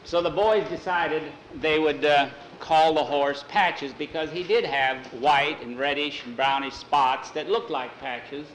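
An older man telling a children's ranch story in a homespun, unhurried way, with some fillers. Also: on the high side, a bit bright, roomy sound, slight background noise, low-quality recording.

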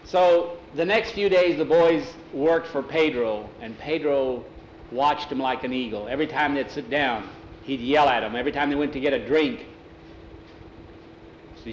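Male oral storyteller, casual folksy telling with character voices, mid-pitched, room echo, faint background hiss. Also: moderate pace. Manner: relaxed folksy telling, slips into broken-English character voices. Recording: roomy, faint ambient noise.

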